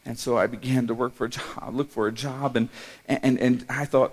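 A middle-aged man preaches, telling his own story of hardship. He speaks with emotion, stumbling and restarting often, at an everyday middle pitch. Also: steady tone. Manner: emotional, halting, with repeated restarts. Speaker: pastor. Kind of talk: personal testimony sermon.

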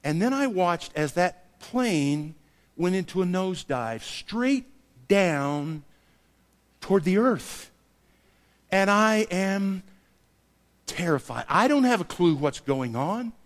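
A man preaching a sermon, telling a personal story and acting out the dialogue with lively variation. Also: high-pitched, slow pace, long pauses. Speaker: pastor. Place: church sanctuary. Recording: long hall reverb.

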